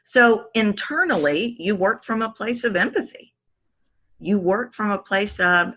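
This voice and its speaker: A woman vocal coach speaking as a podcast guest, animated, sometimes shifting her voice to demonstrate. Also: medium pitch, unhurried, husky. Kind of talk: podcast interview.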